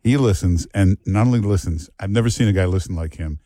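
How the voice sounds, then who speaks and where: A man's voice: sits low, quick pace, mellow, no room sound. A man hosting talk radio, blunt and joking, talking to callers and his co-host. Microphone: studio mic.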